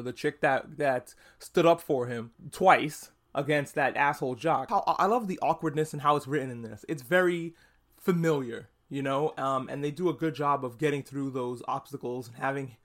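A young man hosting a podcast, talking through a TV episode in a casual, animated and profane way, acting out characters' lines in quick asides. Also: mid-range voice. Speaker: podcast host. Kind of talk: casual solo podcast review.

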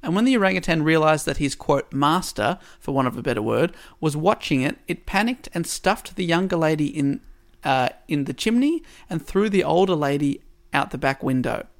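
A podcast host retelling a story's plot in a casual way, with dry asides along the way. His voice is gravelly and sits a little high for a man. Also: lively intonation, moderate pace.

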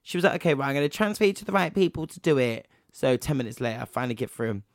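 A man's voice: medium pitch, lively intonation, very fast, dry recording, clean studio sound. A young man telling a story in casual chat, swearing freely and acting out both sides of a phone call.

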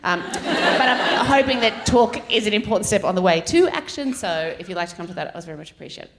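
A woman's voice: medium pitch, expressive, quick pace, very noisy. A woman from Australia, a guest comedian, chatting on stage at a live podcast recording in a giggly, self-mocking way. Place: theatre stage before a live audience. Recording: live theatre, loud audience laughter.

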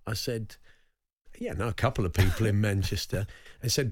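A man's voice: fairly low pitch, sing-song, brisk, a little mellow, no echo, clean studio sound. A man from England co-hosting a radio sports show, chatting casually and telling stories. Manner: chatty, storytelling, reads out listener messages.

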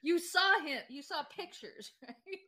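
A woman's voice: very high-pitched, lively intonation, unhurried, pushed and bright. A woman co-hosting a podcast, talking in casual chat, opinionated and laughing often. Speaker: podcast co-host.

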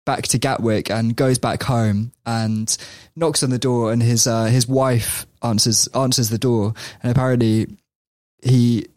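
A man's voice: mid-range voice, steady tone, unhurried, darkish tone, no room sound, studio quality. Laughing, rambling young man telling a story. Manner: rambling, laughs often, many restarts. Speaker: podcast host telling a story. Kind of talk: casual storytelling chat.

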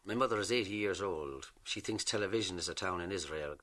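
An Irish man, a comedian, telling jokes and stories in a lively stand-up manner. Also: sits low, brisk. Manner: lively storyteller, drawls punchlines.

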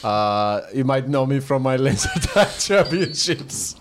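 A man's voice: mid-range voice, lively intonation, a little slow, natural voice. A man putting on a Moroccan accent to play a boastful, forgetful male laser tag champion, rambling and giggly, on a noisy podcast recording. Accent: put-on Moroccan.

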